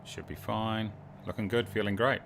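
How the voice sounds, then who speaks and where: A man's voice: fairly low pitch, steady tone, normal speed, gravelly, fairly bright tone, a little hiss or hum. A New Zealand man livestreaming a flight sim, chatting in a rambling, joking, self-mocking way. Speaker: streamer. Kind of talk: casual livestream chat while flying a sim.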